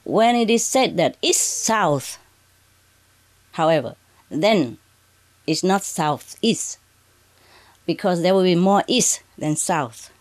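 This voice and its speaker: Low-pitched woman as a spiritual teacher; unhurried, halting, broken English, peppered with "okay"s. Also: animated, darkish tone. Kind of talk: addressing an audience from a prepared reading. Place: indoors under bright spotlights.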